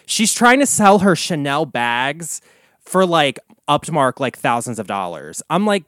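A man hosting a casual podcast chat, gossiping and swearing freely, with big swings in pitch and loudness. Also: big pitch swings, a little slow, dry recording. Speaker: podcast host, comic and drag performer.

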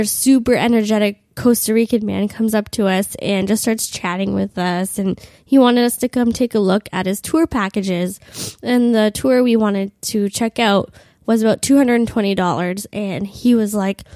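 Sick with a cold, a young woman in her twenties hosts a podcast and shares a funny travel tale, crude and self-mocking and full of "like." Her mid-range voice is a little mellow, and the recording is dry.

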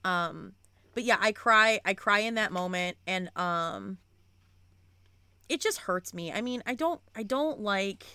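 A young woman co-hosting a podcast, chatting casually and excitably about books and swearing freely. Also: mid-range voice, unhurried, smooth, no echo. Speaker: podcast co-host. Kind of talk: casual book chat.

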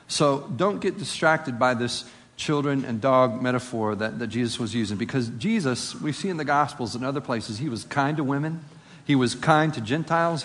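A man's voice: medium pitch, a bit bright. A man preaching a sermon. He reads scripture aloud, then explains it conversationally and asks rhetorical questions. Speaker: pastor. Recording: long reverb of a large hall.

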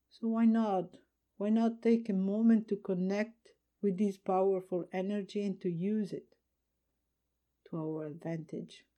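A woman hosting a spiritual podcast, talking in a slow, soft and earnest way that often trails off quieter. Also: medium pitch. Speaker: podcast host and spiritual teacher.

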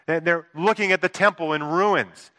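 A man's voice: a little high, a little slow, pushed and bright. A man in his thirties preaching a sermon, earnest and conversational, with frequent rhetorical asides to the congregation. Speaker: pastor.

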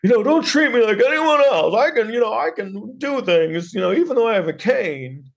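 A man's voice: very high-pitched, lively intonation, normal speed, gravelly, pitched above the performer's own voice, heavily acted. A man voicing an earnest young woman making an insistent, defiant speech.

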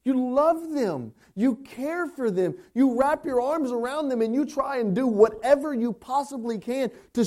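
A male pastor preaching a sermon, swinging between hushed, tender passages and impassioned climbs. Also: extremely high pitch.

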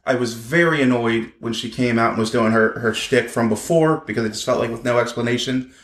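An animated man co-hosting a casual podcast, his voice sitting at a middle pitch. He talks in a lively way and jumps into quoted lines with raised voices, and the room around him rings a little. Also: fairly quick, reverberant. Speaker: podcast co-host.

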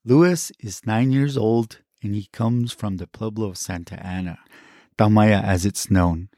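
A woman hosting a podcast who casually interviews a child with gentle, playful questions. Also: a bass voice, measured pace, no room sound. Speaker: podcast host. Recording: dry close-miked studio.

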